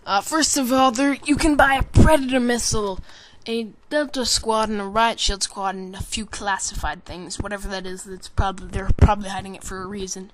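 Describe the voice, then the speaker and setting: A person giving casual, rambling commentary over a game trailer, joking and swearing, with constant fillers and restarts. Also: female voice, medium pitch, steady tone, a little fast, noisy background. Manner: rambling and jokey, with frequent swearing; self-interrupting, with many fillers and restarts.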